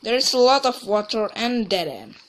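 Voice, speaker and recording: A woman's voice: on the high side, sing-song, normal speed, a bit bright, a little hiss or hum. A woman giving casual gameplay commentary as a let's play gamer, rambling and often restarting or trailing off mid-sentence.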